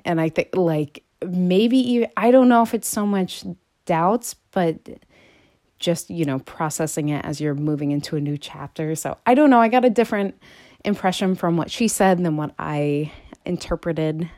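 A woman vlogger chatting casually and meandering, her voice jumping higher and louder when she gets excited. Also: moderate pace, no room sound, clean studio sound. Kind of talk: casual chat.

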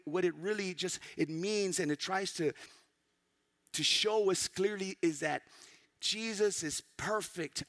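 Gravelly, emphatic man preaching a sermon. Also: high voice. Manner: emphatic, rising to loud stresses and dropping to near-whispers; teacherly, tells listeners to underline phrases. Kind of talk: sermon teaching.

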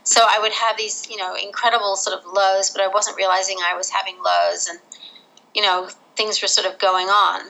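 Bright, gravelly-voiced woman telling her story. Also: mid-range voice, normal speed, rough recording. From Australia. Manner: candid, animated, laughs through the hard parts. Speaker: interview guest. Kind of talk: casual storytelling.

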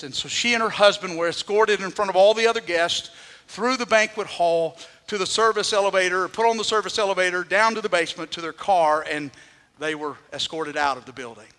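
A man's voice: high voice, brisk, fairly bright tone, long reverb tail. A man preaching a sermon as pastor, dramatically acting out the voices he quotes, in a church.

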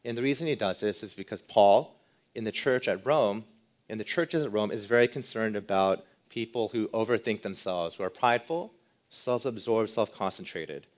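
A man's voice: lowish voice, normal speed. A man preaching an expository sermon as pastor, emphatic, repeating key words and putting questions to his listeners.

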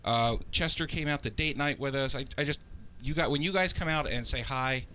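A man's voice: medium pitch, a little fast, a little hiss or hum. A man hosting a casual podcast, joking with his co-host and giving listeners call-in details. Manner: relaxed, jokey, reads out call-in details. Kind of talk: casual chat.

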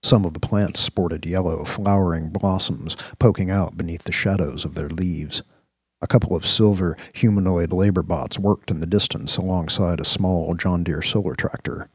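A man narrating a science-fiction radio story in a measured, descriptive way. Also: low voice, steady tone, darkish tone, husky, dry recording. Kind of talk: scripted audio-drama narration.

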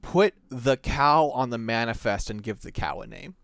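Male co-host, mid-pitched, rambling casual talk, dry close sound. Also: moderate pace, smooth, no echo. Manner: rambling, animated, with restarts. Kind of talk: casual chat about a video game.

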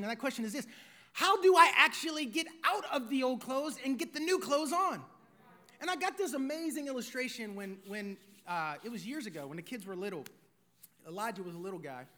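High-voiced pastor preaching. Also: male voice, pushed and bright. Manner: conversational preaching with rhetorical questions and Southern slang. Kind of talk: sermon.

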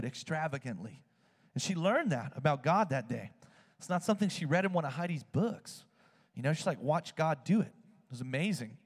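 A man preaching a sermon, telling a story with animated swings in his voice. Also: big-room sound. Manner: animated storytelling, swings high when excited.

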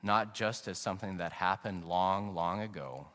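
A middle-aged male pastor preaching an earnest, reflective sermon, slowing down to stress key phrases. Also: low voice, a bit bright. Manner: earnest and reflective, anecdotal, slows down for emphasis. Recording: long reverb, sanctuary acoustics.

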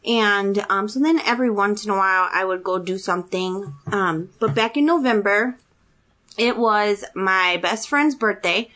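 A woman in her thirties tells a personal story in casual chat. She sounds chatty and animated, and her voice jumps up whenever she acts out what someone said. Her pitch sits in the middle for a woman. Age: 30s.

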